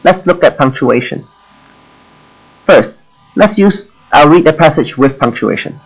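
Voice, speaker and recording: A young man with a Hong Kong English accent gives a scripted class presentation, measured and demonstrative with deliberate pauses. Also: a little high, expressive, breathy edge, low-quality recording. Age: young adult. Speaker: university student presenter.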